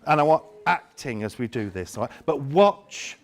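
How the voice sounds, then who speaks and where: A man leading a lively workshop demonstration, theatrical and teasing as he directs volunteers. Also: medium pitch, moderate pace, hardly any pauses. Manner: theatrical, playful, teasing volunteers with exaggerated delight. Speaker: education trainer leading a seminar.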